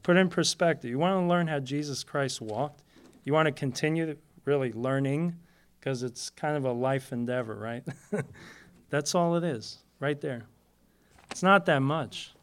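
A man's voice: a little high, clear, resonant tone. A man giving an informal Bible teaching to a fellowship, chatty and self-deprecating, laughing often and repeating key words for emphasis.

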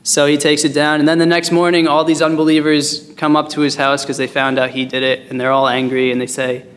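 A man's voice: fairly high pitch, flat delivery, brisk, fairly bright tone. Chatty man teaching Bible, hall echo. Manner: chatty and joking, with fillers. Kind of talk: casual Bible study teaching. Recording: long hall reverb.

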